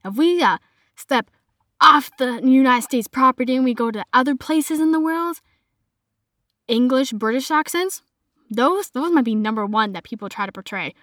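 A woman's voice: sits high, expressive, normal speed, fairly bright tone, no room sound, studio quality. A young adult woman with a Boston accent, chatting casually as a podcast host and filling her talk with "like". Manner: chatty, heavy use of "like" fillers. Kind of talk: casual chat monologue.

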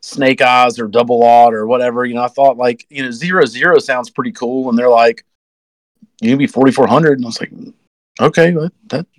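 A man's voice: steady tone, a little fast, no room sound, poor audio. Rambling young man telling a story. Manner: rambling, acts out quotes with sudden high-pitched outbursts. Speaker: guest race driver. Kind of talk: casual podcast storytelling.

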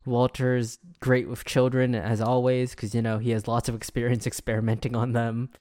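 A man's voice: medium pitch, level tone, darkish tone, dry recording, clean studio sound. A man co-hosting a podcast, chatting casually and jokingly about a TV episode, laughing often. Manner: joking, lots of laughter and quick asides. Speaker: podcast co-host. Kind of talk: casual chat recapping a TV episode. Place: studio.

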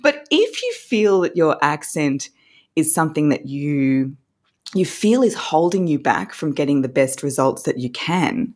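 An Australian woman, a voice coach, explaining techniques as a podcast guest in an animated way, laughing often. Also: deep voice, a little slow, breathy edge.

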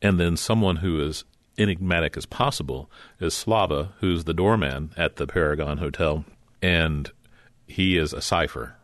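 Very deep-voiced male interviewer. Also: normal speed, dry recording. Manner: conversational, leading questions. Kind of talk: interview questions.

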